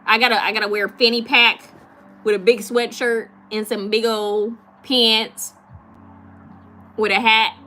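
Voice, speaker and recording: Soft music plays behind a California woman hosting a live stream, where she chats, giggles and answers viewer comments with many fillers and quick repeats. Her fairly high voice is sharp with little pitch movement.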